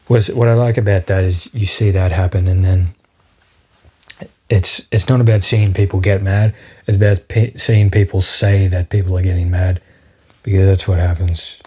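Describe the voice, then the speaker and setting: A man with a low, husky voice rambles through a solo podcast monologue. He swears freely, trails off into fillers and keeps getting sidetracked. His tone is dark and mellow. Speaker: podcast host.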